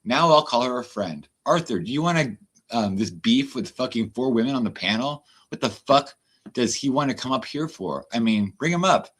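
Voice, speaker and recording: A man's voice: mid-range voice, expressive, moderate pace, fairly bright tone, slightly rough. A man ranting and swearing on a livestream, chatting loosely with his viewers. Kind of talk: livestream rant.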